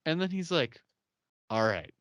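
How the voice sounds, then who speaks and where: A man's voice: a little high, big pitch swings, a little slow, background noise. A young man hosting a podcast, chatting casually and laughing often as he acts out characters' lines. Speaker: podcast host. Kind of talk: casual chat recapping a TV episode.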